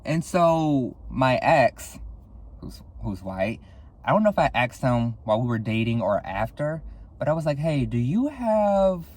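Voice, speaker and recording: A young man hosting a solo podcast, speaking candidly and casually, swearing a lot, sighing often and jumping up in pitch for dramatic effect. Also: lively intonation, a little slow. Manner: candid and profane, with frequent sighs; dramatic, with sudden jumps in pitch. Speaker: podcast host.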